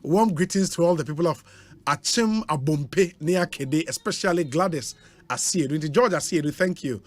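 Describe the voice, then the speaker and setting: A man's voice: fairly high pitch, moderate pace. A man with a Ghanaian accent, a radio host reading out listener greetings on air in a chatty way, with interjections between names.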